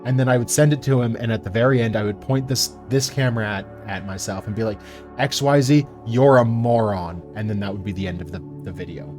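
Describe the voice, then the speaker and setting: A man chatting casually on a live stream while he builds and paints miniatures, telling stories in a profane, animated way. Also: lowish voice, fast, few pauses, music in the background.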